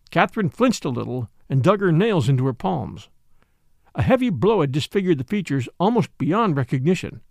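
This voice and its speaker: Gravelly-voiced male storyteller. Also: a little high, darkish tone, no echo, clean studio sound. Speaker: audiobook narrator. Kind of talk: scripted narration.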